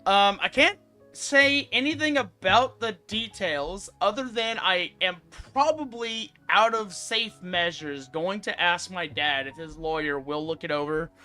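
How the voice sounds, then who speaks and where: A man's voice: sits high, expressive, a little slow, pushed and bright, clean tone, soft background music. A young man streaming live, chatting casually and rambling to his viewers. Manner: rambling, chatty, self-correcting. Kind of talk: casual livestream chat.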